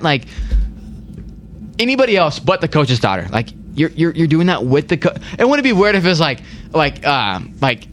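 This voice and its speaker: A man's voice: a little high, fairly bright tone, slight background noise. A young man hosting a casual sports chat, rambling, repeating words and saying "like" a lot. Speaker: podcast host.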